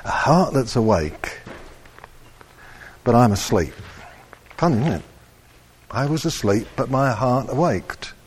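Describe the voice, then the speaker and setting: A man delivering a sermon in an unhurried, deliberate way. His voice sits at a middle pitch and climbs to loud, emphatic peaks as he drives his points home. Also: slight background noise. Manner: slow, animated, rising to loud emphatic peaks. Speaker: preacher.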